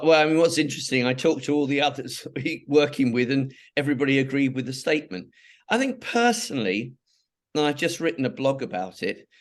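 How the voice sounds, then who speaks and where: Older English man, chatty interview guest who wanders through anecdotes, mid-pitched voice. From England. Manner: rambling, many restarts and asides. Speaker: interviewee, charity founder. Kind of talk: conversational interview storytelling.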